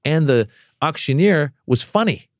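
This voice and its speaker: A man, a comedian, telling a long story in a casual interview. He talks in an animated way and acts out other people's voices with big jumps in pitch. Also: unhurried, no room sound, clean studio sound. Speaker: comedian guest.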